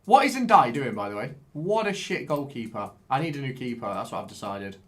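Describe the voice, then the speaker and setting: A man giving casual live-stream commentary while he plays a game, excitable, swearing and chatting with viewers. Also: mid-range voice, a little fast.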